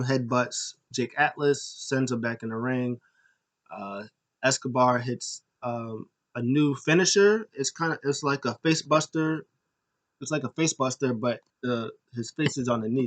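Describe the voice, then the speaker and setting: A man of middle pitch talks loosely through a recap, his sentences stopping and restarting around plenty of ums and uhs. He gushes like an eager fan as he goes. The delivery is plain, unscripted chat. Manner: rambling, full of fillers and restarts; enthusiastic fan. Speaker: podcast host.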